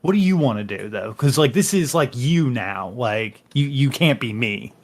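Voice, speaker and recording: A man narrating a tabletop game as game master, rambling and halting with many fillers. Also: medium pitch, expressive.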